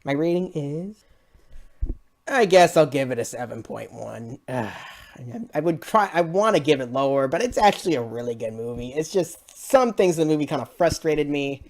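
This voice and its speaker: A woman's voice: low voice, lively intonation, moderate pace, a little mellow. A woman giving a casual spoken movie review, rambling and exasperated, laughing often between her points.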